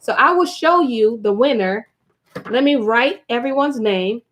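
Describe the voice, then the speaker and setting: A woman's voice: fairly high pitch, lively intonation, unhurried, fairly bright tone. A woman hosting a casual live stream, reading a book aloud to her viewers, chatty and prone to digressions and asides.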